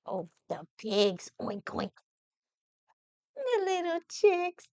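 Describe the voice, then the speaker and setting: An older woman reading gently to young children, coaxing them with questions in a slow, sing-song manner. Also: high voice, wildly swooping pitch, dry recording. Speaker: children's storyteller. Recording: dull lo-fi sound.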